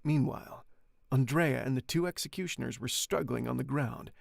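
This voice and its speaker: A man narrating a classic novel in a steady, plain way, stopping now and then for retakes. His voice has a gravelly edge at middle pitch. The sound is dry and close to a home microphone. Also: normal speed, no echo. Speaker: audiobook narrator. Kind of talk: audiobook narration with casual asides. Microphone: studio microphone, home recording.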